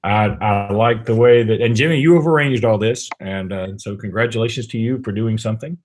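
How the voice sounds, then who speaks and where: A man's voice: lowish voice, fairly quick, slight background noise. A man co-hosting a podcast, rambling and laughing as he tells stories. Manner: animated, laughing, rambling storyteller. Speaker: podcast co-host. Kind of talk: casual chat.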